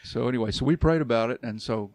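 Gravelly-voiced man telling a story. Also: mid-range voice, fast talker, dry recording. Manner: animated, acts out quoted voices, laughs often. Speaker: youth pastor and church elder. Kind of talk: casual storytelling in a podcast chat.

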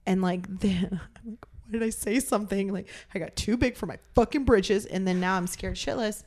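A woman's voice: mid-range voice, normal speed, a little mellow. A young woman in casual chat, blunt and swearing freely, acting out what she and others said.

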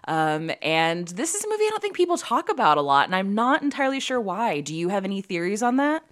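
A woman's voice: medium pitch, very animated, fast talker. A woman co-hosting a podcast, chatting in a casual, enthusiastic way. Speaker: podcast co-host.

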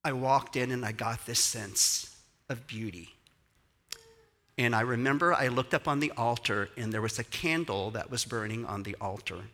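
A middle-aged man from Texas, telling a lively story in a talk at a church event. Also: medium pitch, moderate pace. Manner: animated storyteller, acts out voices.

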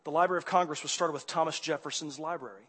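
Male pastor, sermon storytelling, high voice, long hall reverb, animated. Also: fast talker, breathy edge. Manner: animated, swings from quiet to loud exasperation.

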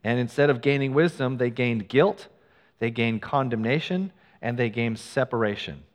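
A man's voice: mid-range voice, moderate pace. Man preaching in a reverberant church. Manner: conversational preaching, reads scripture aloud, self-deprecating asides. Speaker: pastor. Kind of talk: sermon.

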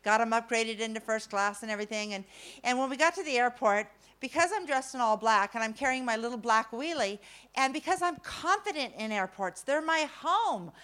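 A middle-aged woman with a slightly high voice spins a comic personal story for a crowd. She is animated and self-mocking, jumping from loud punchlines to hushed asides. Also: a little fast. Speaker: speaker telling a story to an audience.

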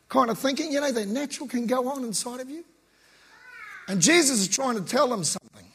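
A man with a high, slightly husky voice preaches in a loose, conversational way, full of slang. His voice rings out with the long reverb of a large hall. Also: expressive, a little fast, fairly bright tone. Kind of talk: casual sermon.

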